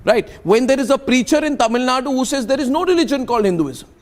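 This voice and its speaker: Rapid insistent Indian man anchoring. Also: extremely high pitch, lively intonation. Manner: insistent, repeats questions rapidly. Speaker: debate show anchor. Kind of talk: confrontational TV debate questioning.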